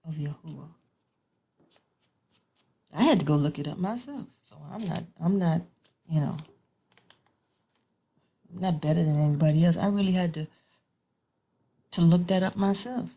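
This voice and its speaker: A woman's voice: on the low side, moderate pace, long pauses, mellow. A woman giving an informal online sermon as a Bible teacher, conversational and repetitive, with colloquial grammar.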